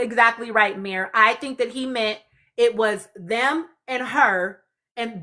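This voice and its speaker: A woman's voice: on the high side, sharp tone. A woman hosting a live podcast stream, chatting casually and speaking straight to her viewers. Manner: chatty, talks to viewers directly. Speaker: podcast host.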